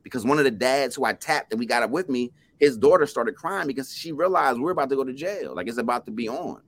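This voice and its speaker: Animated middle-aged man telling a story. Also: mid-range voice, quick pace. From New Jersey. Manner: animated, emphatic storyteller with frequent restarts and "right?". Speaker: guest. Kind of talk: storytelling in a podcast interview.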